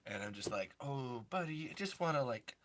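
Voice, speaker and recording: A man's voice: on the low side, very animated, quick pace, a bit bright, a little hiss or hum. A man, a comedian and impressionist, chatting on a podcast in a rambling, self-deprecating way with many restarts. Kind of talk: casual podcast chat.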